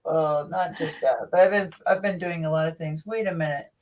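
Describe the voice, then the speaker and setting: A woman's voice: sits low, a little fast, distant mic, background noise. A woman hosting a livestream in casual chat, rambling and cutting herself off mid-sentence. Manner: rambling, self-interrupting. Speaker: livestream host. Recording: voice a bit off-mic.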